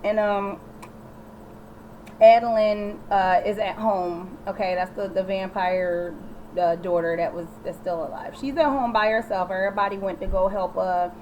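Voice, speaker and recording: A woman vlogger giving a sassy, animated recap of a TV episode and talking straight to the viewer. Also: mid-range voice, moderate pace, lo-fi sound, a little hiss or hum. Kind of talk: casual chatty recap.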